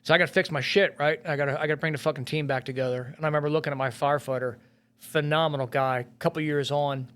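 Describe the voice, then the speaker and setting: A middle-aged firefighter and police officer telling a painful rescue story in a podcast interview, blunt and full of swearing. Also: male voice, fairly high pitch, steady tone, fast, fairly bright tone, smooth. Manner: blunt and profane, heavy swearing and filler words.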